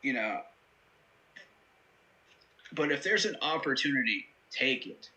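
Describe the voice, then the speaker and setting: A man with a very bright, sharp-edged voice hosts a live football reaction. He breaks down plays and clock management earnestly, leaning on "you know" as he talks. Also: mid-range voice, expressive, slow pace, rough recording. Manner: earnest, analytical, many "you know" fillers. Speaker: host.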